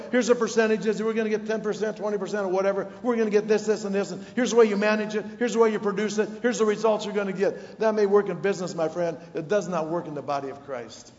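A man preaching a sermon as pastor, firing off rhetorical questions and dropping to a hush to drive points home. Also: sits high. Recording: dull, echoey hall sound.

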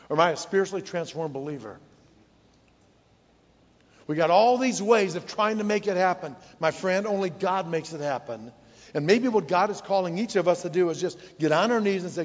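A man in his pastoral role delivers a sermon in a fairly high voice. He leans on rhetorical questions and sinks to a hushed tone for emphasis. The recording is dull and lo-fi, with long reverb from a church hall. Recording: dull, echoey hall sound.

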